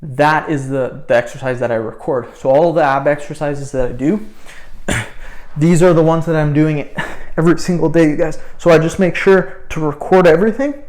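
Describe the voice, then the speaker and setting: A man's voice: a little high, moderate pace, a little mellow. A young man, a fitness vlogger, talking casually to the camera between sets, out of breath as he counts his reps. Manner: counts reps, breaks off to chat. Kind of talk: casual talk to camera during a workout.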